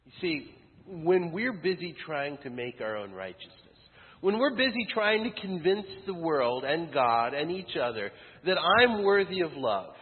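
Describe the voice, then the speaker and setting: A man preaching a sermon as pastor, building to loud peaks and dropping to hushed lines. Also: a little high, sing-song, a little slow. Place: church sanctuary. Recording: thin phone-like sound with long church reverb.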